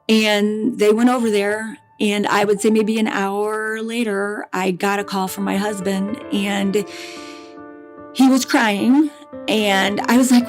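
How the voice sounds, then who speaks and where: Grieving middle-aged woman, halting speech. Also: medium pitch, fairly even intonation, faint music behind. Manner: halting, grief-laden, with many restarts. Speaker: interview guest, bereaved mother. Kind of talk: personal storytelling.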